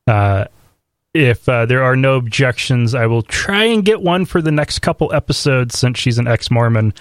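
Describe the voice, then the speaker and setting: A man co-hosting a casual podcast, talking with many fillers and restarts, then walking through a topic in a steady explaining voice. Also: medium pitch, normal speed, no echo, clean studio sound. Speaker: podcast co-host. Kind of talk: casual chat and explainer segment.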